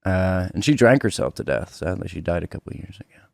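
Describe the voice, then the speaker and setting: A man chatting as a podcast guest, an animated storyteller who laughs a lot and acts out quotes. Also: low voice, fast talker, creaky, dry recording. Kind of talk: casual chat. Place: podcast studio.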